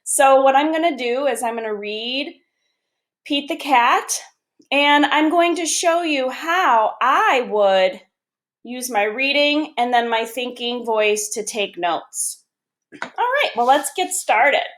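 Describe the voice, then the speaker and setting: A woman teaching young children, reading a picture book aloud and explaining step by step in a gentle, encouraging way. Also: sits high, lively intonation, slow. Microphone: camera or phone on a desk.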